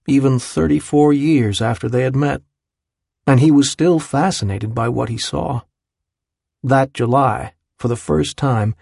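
A man narrating an audiobook in a measured, even reading style. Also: medium pitch, vocal fry, no echo, studio quality. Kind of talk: scripted narration.

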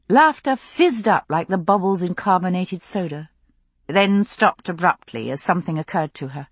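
Husky low-voiced woman narrating a novel. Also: animated, moderate pace, no echo. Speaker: audiobook narrator. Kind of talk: scripted narration.

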